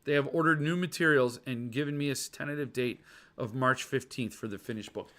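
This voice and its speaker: A man's voice: mid-range voice, brisk, sharp tone. A man hosting a casual podcast, rambling and joking as he reads viewer comments and rants. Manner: rambling, jokey, goofs around with mock voices. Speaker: podcast host. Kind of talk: ranting casual chat reading viewer comments.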